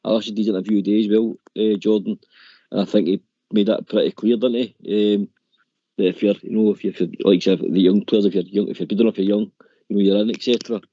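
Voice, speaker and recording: A Scottish man speaks on a call-in show in a low, mellow voice. He hesitates, restarts his phrases and leans on "you know". The line is dull and lo-fi, with no room sound. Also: fairly even intonation, fast talker, no room sound. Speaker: caller. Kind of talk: casual chat on a call-in show.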